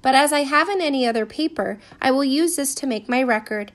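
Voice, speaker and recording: A woman voicing a weary, patient male census taker who speaks formally and measured. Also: sits high, natural voice.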